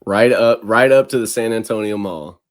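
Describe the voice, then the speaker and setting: A young man, a podcast guest, chatting casually, laid-back and profane, slowing down for emphasis. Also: on the low side. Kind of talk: casual chat.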